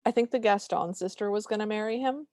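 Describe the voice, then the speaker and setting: A young adult woman co-hosting a podcast, wryly retelling a film scene by scene with quick joking asides. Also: mid-range voice, darkish tone, no room sound, studio quality. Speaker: podcast co-host. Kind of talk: casual recap chat.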